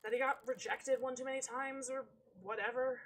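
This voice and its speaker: A streamer reading as a calm self-assured killer. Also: female voice, high voice, low-quality recording. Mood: cold. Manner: calm, measured, wry and unbothered. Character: cool self-assured woman, a secret serial killer narrator. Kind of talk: reading a visual novel's narration aloud.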